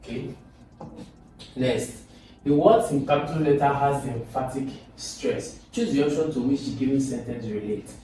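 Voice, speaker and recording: A man's voice: mid-range voice, moderate pace, warm tone, far from the mic, slight background noise. A man teaching exam questions step by step, repeating points and asking and answering his own questions. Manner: repetitive, coaxing, asks and answers own questions. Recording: echoey room, voice from off mic.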